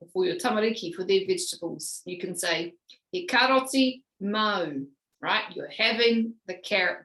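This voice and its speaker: A woman with a New Zealand accent teaching a short spoken language lesson, upbeat and checking in with her viewers, saying each example phrase slowly and clearly. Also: mid-range voice, fairly bright tone, reverberant, poor audio. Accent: New Zealand English. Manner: upbeat, checks in with "ka pai?" and "right?".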